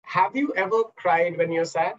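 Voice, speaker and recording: Speaking at a normal speed in a high voice, this NLP coach and trainer leads a webinar on a video call. He explains by posing questions and acting out scenarios, and the audio is dull.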